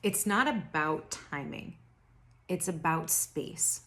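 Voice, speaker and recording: Young woman tarot vlogger, unhurried rambling delivery with slightly low pitch, throat worn raspy and tired. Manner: rambling, self-interrupting, laughs at herself. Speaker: tarot reader. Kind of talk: casual spiritual reading to camera.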